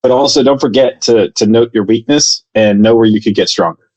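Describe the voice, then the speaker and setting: A man co-hosting a podcast in casual chat, measured and reflective, giving advice. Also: fairly low pitch, darkish tone. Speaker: podcast co-host.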